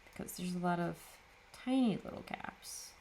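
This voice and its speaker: A woman's voice: fairly low pitch, moderate pace, creaky, darkish tone, slight background noise. A woman hosting a papercraft video, chatting casually and tiredly as she works, often laughing at herself. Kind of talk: casual chat while crafting.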